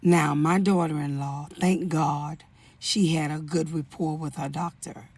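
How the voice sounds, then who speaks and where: A woman's voice: sits low, fairly even intonation, measured pace, darkish tone, breathy edge, dry recording. An older woman telling a family story as personal testimony, earnest and pleading as she warns other women. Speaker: storyteller sharing a family account.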